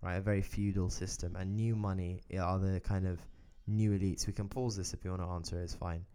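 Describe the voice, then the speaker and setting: A man's voice: sits low, level tone, brisk, mellow, clear, resonant tone. A man hosting a podcast, telling a long story in casual chat, rambling and restarting as he goes. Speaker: podcast host.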